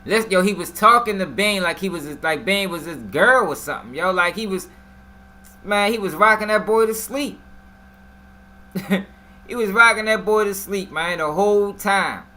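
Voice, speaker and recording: Casting: male live-stream commentator, higher voice, bright and forceful, slangy and animated, faint noise behind. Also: moderate pace. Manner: slangy, animated, talks straight to the viewers.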